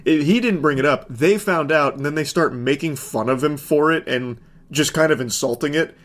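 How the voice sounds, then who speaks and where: A man's voice: fairly high pitch, normal speed, fairly bright tone. A man giving casual, sardonic, profanity-laced commentary.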